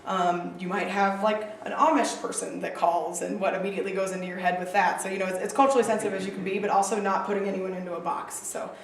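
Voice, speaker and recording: A woman teaching counseling skills to a group, chatty and animated with frequent fillers and asides. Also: mid-range voice, fast talker, hardly any pauses, slight background noise. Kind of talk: casual training lecture. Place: training room with a group. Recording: echoey room, distant mic.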